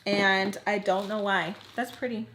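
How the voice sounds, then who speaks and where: A woman's voice: mid-range voice, fairly even intonation, unhurried, noisy background. A young woman vlogger chatting casually through a storytime while doing her makeup, full of "like" and acted-out quotes. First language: English. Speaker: beauty vlogger.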